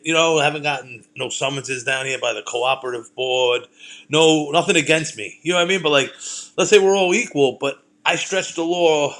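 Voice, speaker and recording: A middle-aged man tells heated stories in a profane, rambling monologue. His voice sits fairly high for a man. He talks casually, as the host of his own show. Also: a bit bright. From Brooklyn, New York. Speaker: podcast host.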